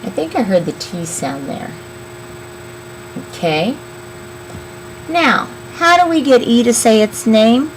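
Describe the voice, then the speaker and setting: A woman teaching young children a phonics lesson, slowly sounding out words and counting syllables. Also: fairly high pitch, very animated, slight background noise, low-quality recording. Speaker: elementary school teacher.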